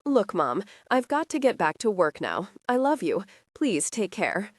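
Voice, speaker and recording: A woman's voice: medium pitch, big pitch swings, measured pace, no echo, clean studio sound. A woman reading the part of a young female FBI agent, earnest and strained. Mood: patient.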